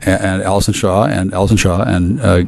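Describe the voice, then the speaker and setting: A man's voice: sits low, fairly even intonation, a little fast, gravelly, darkish tone. A man ranting at length to his viewers, profane and aggressive, with frequent stammering restarts. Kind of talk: rambling profane rant to camera.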